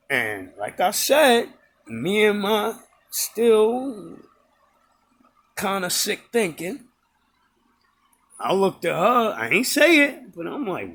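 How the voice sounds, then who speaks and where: A man's voice: high-pitched, huge pitch swings, takes it slowly, vocal fry, pauses often, fairly bright tone. A man telling a personal story in a casual, rambling way, often stopping to correct and repeat himself. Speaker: storyteller recounting a personal encounter.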